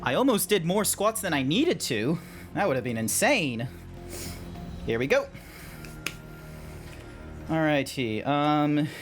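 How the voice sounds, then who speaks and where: An Australian man streaming a video game, talking to himself and to his chat in a rambling way. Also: a little high. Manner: chatty, rambling self-talk. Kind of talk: casual gameplay commentary. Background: game music.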